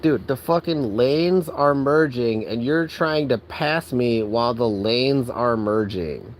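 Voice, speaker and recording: A man's voice: medium pitch, takes it slowly, slight background noise, poor audio. A man ranting angrily and profanely in a casual vlog, exasperated and full of filler words. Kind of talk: angry rant.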